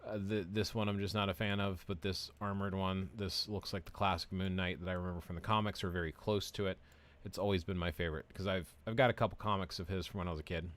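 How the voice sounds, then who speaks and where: A man's voice: deep voice, steady tone, fast, a bit bright. A man streaming a mobile game, chatting casually and rambling as he answers viewers' comments. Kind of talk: casual live-stream chat while playing.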